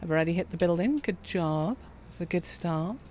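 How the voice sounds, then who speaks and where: A woman, quietly commentating a farming game and chatting with her viewers. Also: lowish voice, normal speed, slight background noise. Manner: quiet, relaxed, chats with viewers. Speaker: streamer. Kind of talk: calm gameplay commentary.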